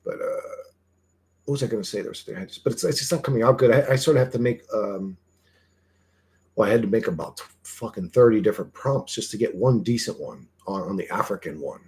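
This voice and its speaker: A man's voice: fairly low pitch, quick pace, darkish tone. A man hosting a livestream, chatting to viewers in a loose, rambling way, swearing casually and trailing off into fillers. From Greek heritage. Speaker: livestream host.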